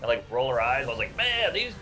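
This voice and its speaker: A stand-up comedian from New Orleans trading road stories in podcast banter, telling them in an animated, profane way. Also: male voice, mid-range voice, very fast, soft background music, poor audio.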